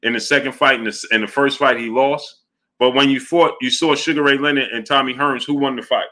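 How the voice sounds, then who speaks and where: A man's voice: mid-range voice, fairly even intonation, a little fast, bright, forceful tone. A man hosting a boxing livestream, arguing his points emphatically and repeating them while reading out viewer chat messages. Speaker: boxing show host.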